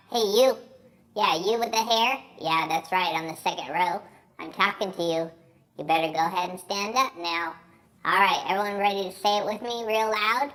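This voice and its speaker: A man voicing a cheerful, excitable talking banana puppet who leads children in call-and-response at a children's church show. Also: high voice. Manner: bubbly, jokey, leads kids in call-and-response.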